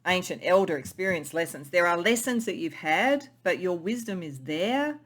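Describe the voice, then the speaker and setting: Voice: medium pitch, lively intonation, moderate pace, a bit bright. A tarot reader giving a pick-a-card reading in an intuitive, musing way, often repeating and restarting phrases.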